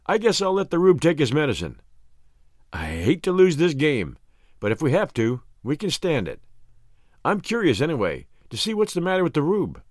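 A man's voice: fairly high pitch, huge pitch swings, moderate pace, no room sound. Male narrator doing an earnest old-time baseball manager, storybook read, dry and close. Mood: worried. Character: male baseball team manager, worried but decisive. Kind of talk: audiobook character reading.

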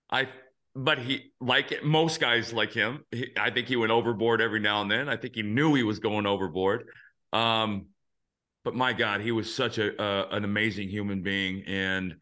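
A man in his fifties hosting a podcast, telling earnest, animated stories in a casual chat and swearing now and then. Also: lowish voice. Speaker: podcast host.

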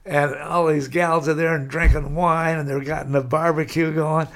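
Gravelly older man telling stories. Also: on the high side, level tone, normal speed. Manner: rambling anecdotal storytelling, with frequent "kinda" and "you know". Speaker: interview guest. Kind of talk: storytelling.

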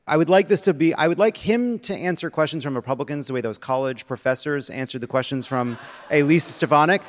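A man co-hosting a live political podcast, sardonic and profane, talking fast and animated. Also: a little high, in a large hall. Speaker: podcast co-host. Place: live stage before an audience.

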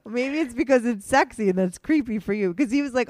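A woman hosting a podcast in casual chat, talking fast and rambling, excited and hyper after a date. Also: a little high, dry recording, studio quality. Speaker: podcast host.

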